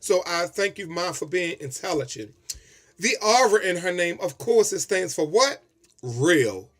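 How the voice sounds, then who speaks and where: High-voiced man giving a heartfelt tribute. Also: normal speed. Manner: heartfelt, expressive, talks straight to camera. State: tearing up. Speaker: vlogger. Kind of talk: emotional personal tribute video.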